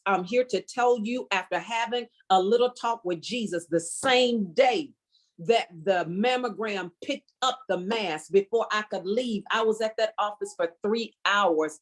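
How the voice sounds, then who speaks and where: A woman's voice: mid-range voice, measured pace. Fervent woman sharing her testimony. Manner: fervent, preacherly, emphatic repetition. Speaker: guest speaker.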